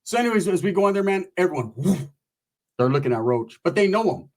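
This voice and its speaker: A middle-aged man doing stand-up storytelling, profane and animated as he acts out the voices of people in his story. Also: sits high, fast. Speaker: comedian storyteller.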